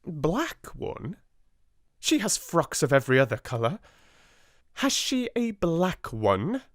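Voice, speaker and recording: A man's voice: a little high, wildly swooping pitch, slow pace, fairly bright tone, dry recording, studio quality, voice pushed up, full character voice. A man with a British accent voicing a fierce, bitter middle-aged headmistress who snaps out harsh commands in a raised voice. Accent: British English. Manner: harsh, commanding, sharply rising.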